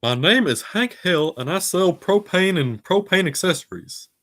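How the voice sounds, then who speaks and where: Man doing Hank Hill, gruff dad. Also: high-pitched, expressive, normal speed, fairly bright tone, pitched above the performer's own voice. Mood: exasperated. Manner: exasperated, drawling scolding. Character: gruff middle-aged Texan propane-salesman dad.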